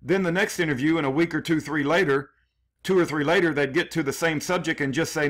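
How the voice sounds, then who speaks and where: A man's voice: a little high, normal speed, fairly bright tone. A man reading his own prepared statement in numbered points, earnest and aggrieved, with small restarts. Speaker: defendant telling his case.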